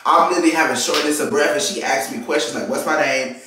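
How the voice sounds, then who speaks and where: A man's voice: on the high side, quick pace, far from the mic, background noise. A nineteen-year-old man from Texas, telling a casual story time and animatedly acting out the people in his story. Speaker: vlogger. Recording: very echoey room, mic set back.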